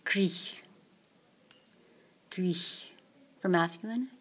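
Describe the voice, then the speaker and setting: A woman teaching French vocabulary in a screencast, saying each phrase slowly and then repeating it. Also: on the low side, slightly rough. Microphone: tablet mic.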